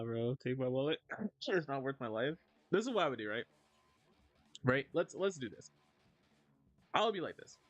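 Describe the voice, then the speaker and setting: A man streaming casually, reading chat aloud and answering in an animated, joking way. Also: mid-range voice, no room sound.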